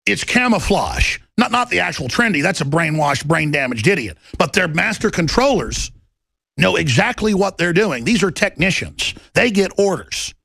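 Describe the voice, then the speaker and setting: A man hosting a talk show, delivering an impassioned, urgent monologue that bursts into shouting. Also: sits high, very animated, moderate pace, gravelly, breathy edge, no room sound.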